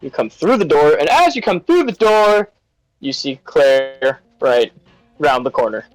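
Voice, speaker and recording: A man's voice: on the high side, very animated, a little slow, dry recording, faint music behind, poor audio. A man narrating as dungeon master in a tabletop game, in a loose and chatty way.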